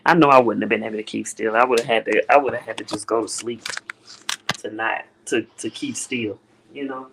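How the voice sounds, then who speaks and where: A woman's voice: rumbling low, steady tone, brisk, noisy background. A woman hosting a casual livestream, greeting viewers by name in a playful drawl. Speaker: livestream host.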